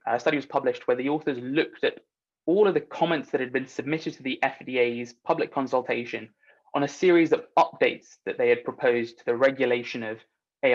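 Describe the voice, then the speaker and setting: Male conference speaker, earnest and persuasive, mid-pitched voice, muffled lo-fi recording. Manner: earnest, persuasive, rhetorical asides. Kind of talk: conference talk.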